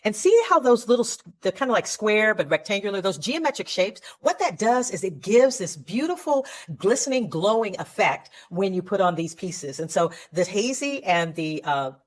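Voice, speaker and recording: A woman's voice: mid-range voice, very animated, moderate pace. A woman showing jewelry pieces to viewers in a chatty, enthusiastic way, often correcting herself as she goes. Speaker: jewelry seller. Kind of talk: live product showcase.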